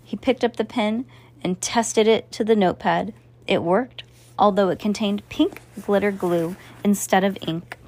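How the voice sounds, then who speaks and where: A woman's voice: medium pitch, a little slow, a little mellow. A woman narrating a storybook, often stumbling and restarting her phrases. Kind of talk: storybook reading.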